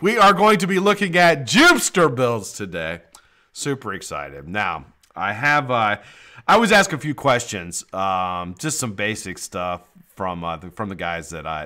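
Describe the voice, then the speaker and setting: A middle-aged man hosting a live stream, swinging from loud, lively greetings to quiet, low explanations. His voice is bright and forceful, and his casual talk is full of swearing and laughter. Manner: animated shout-outs to chat viewers, swears casually.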